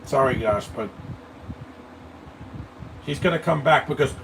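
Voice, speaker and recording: A man's voice: mid-range voice, a little slow, gravelly, a bit bright. A man giving live movie commentary, blunt and opinionated, rambling and stammering over his words. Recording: distant mic with air-conditioning hum.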